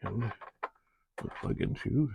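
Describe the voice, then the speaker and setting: A man's voice: slow pace, noisy background. A middle-aged man hosting a vlog, chatting casually as he narrates each step of his work with playful little asides. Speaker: vlog host testing vintage computers. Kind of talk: casual narration while working.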